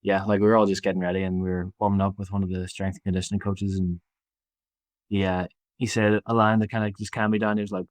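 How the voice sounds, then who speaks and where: Low, flat-voiced Belfast man. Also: no echo. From Northern Ireland. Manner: easygoing, halting, lots of fillers and restarts. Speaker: basketball player guest. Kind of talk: casual podcast interview.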